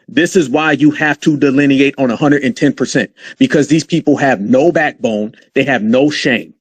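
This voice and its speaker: A middle-aged man with an African American English accent, hosting a heated, profane political rant show. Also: mid-range voice. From United States. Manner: heated, profane, preacher-like ranting. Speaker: commentary show host.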